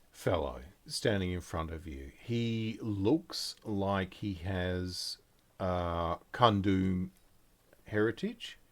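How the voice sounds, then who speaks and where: Slow, lively-voiced male game master. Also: sits low. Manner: hesitant, filler-heavy describing. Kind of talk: narrating a tabletop game.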